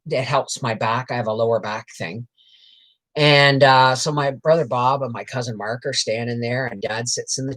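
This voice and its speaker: A woman telling rambling, frank family stories on a casual livestream, greeting viewers and reading their comments between tales. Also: extremely low pitch. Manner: rambling and frank, peppered with swears and laughter. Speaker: homestead channel host on a livestream.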